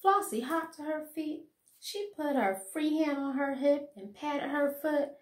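A woman teacher reading a children's story aloud with expressive storytelling, heard in an echoey room. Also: high-pitched, unhurried.

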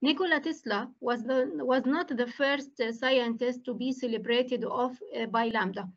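A woman academic hosting a webinar over a video call, speaking haltingly with many fillers and restarts. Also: a little high, highs cut off.

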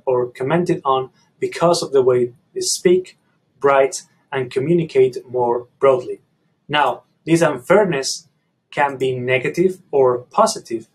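A man giving an explanatory video lecture on language, measured and deliberate, laying out his points step by step. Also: medium pitch, slightly rough, low-quality recording. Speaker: language educator.

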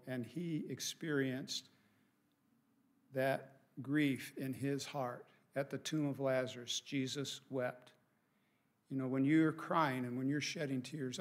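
Earnest conversational man preaching a sermon. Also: mid-range voice. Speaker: pastor. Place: church sanctuary.

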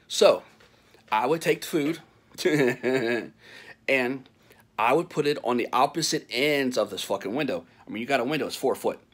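A middle-aged man telling a story in a casual, rambling way, full of swearing and frequent laughter. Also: medium pitch. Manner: profane, rambling, laughs often.

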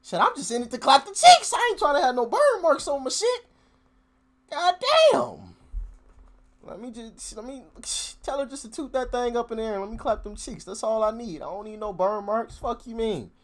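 A man hosts a music reaction at normal speed, commenting casually in an animated, profane way. He laughs often and swings between loud outbursts and low mutters.

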